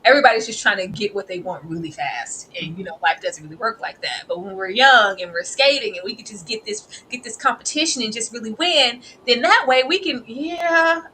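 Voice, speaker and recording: Animated woman reviewer, bright voice. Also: fairly high pitch, a little fast, hardly any pauses, slight background noise, low-quality recording. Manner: animated, slips into playful character voices and laughs often; familiar, peppered with "girl" and "baby". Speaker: co-host reviewing a TV series. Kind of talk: casual review chat.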